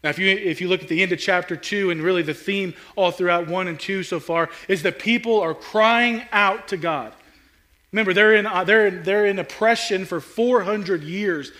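A man with a bright, slightly high voice preaches a sermon as a pastor. He builds earnest intensity, often circling back and restarting his phrases as he presses each point. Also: moderate pace.

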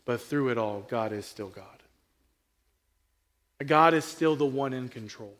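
A man preaching a sermon in a casual, conversational way, asking the congregation questions and rising from quiet asides to loud, emphatic peaks. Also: mid-range voice, a little slow. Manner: repeats and restarts phrases, asks the crowd questions. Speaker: pastor.

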